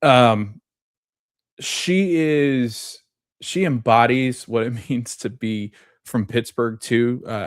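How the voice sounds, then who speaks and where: A man's voice: lowish voice, smooth, no room sound, studio quality. A man hosting a podcast, recapping a TV episode in casual, rambling talk full of fillers and restarts, early in the morning. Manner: rambling, with fillers and self-corrections. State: just waking up, coffee kicking in. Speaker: podcast host.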